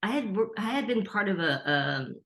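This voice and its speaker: Speaking in a medium-pitched, sing-song, gravelly voice with a fairly bright tone at normal speed, a middle-aged Reiki teacher guests on a podcast. She chats casually through a story, acting out the voices of those she quotes.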